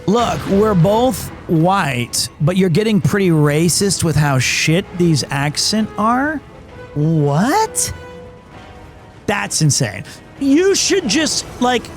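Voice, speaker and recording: Man streamer, casual livestream chat, rambling storyteller, high voice, faint music under him. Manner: rambling storytelling, acting out quotes.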